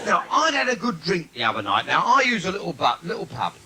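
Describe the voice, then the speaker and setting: A man's voice: fairly high pitch, huge pitch swings, brisk, vocal fry. A man with a London accent doing brash, cheeky stand-up on a theatre stage, teasing the crowd, recorded live in a noisy theatre. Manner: brash, cheeky patter with audience asides. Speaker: stand-up comedian. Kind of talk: live bawdy stand-up routine.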